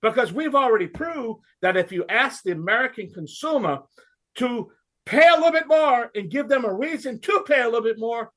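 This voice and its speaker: A man's voice: very high voice, animated, normal speed, pushed and bright. A man with a Cajun accent hosting a home improvement radio talk show, folksy and ranting.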